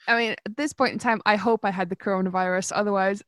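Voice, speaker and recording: A woman's voice: mid-range voice, fairly even intonation, quick pace, no echo. Young woman co-host, dry close sound, lingering cough, laughs a lot. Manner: laughs often. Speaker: podcast co-host. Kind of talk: casual chat over video call. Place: home in Manchester. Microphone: video call.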